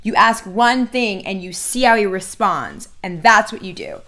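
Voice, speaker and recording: A woman's voice: medium pitch, lively intonation, unhurried, pushed and bright. Blunt, emphatic woman giving dating advice. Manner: blunt, emphatic, repeats key words. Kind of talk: direct-to-camera advice talk.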